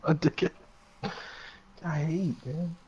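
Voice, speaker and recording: A man's voice: a little high, fairly even intonation, slow pace. A young man streaming a game with friends, ribbing them with profane mock anger. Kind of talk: casual gaming stream banter. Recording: dull lo-fi audio with crowd noise.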